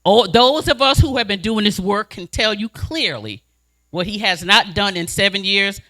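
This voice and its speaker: A woman community advocate giving an impassioned speech at a community meeting, telling stories in an animated, emphatic and blunt way. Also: mid-range voice, normal speed.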